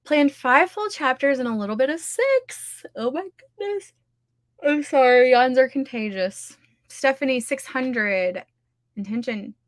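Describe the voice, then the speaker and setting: Slow-talking chatty woman. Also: high-pitched, expressive, no echo, clean studio sound. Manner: chatty and scattered, laughing often. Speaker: livestream host running writing sprints. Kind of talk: casual chat to a live audience.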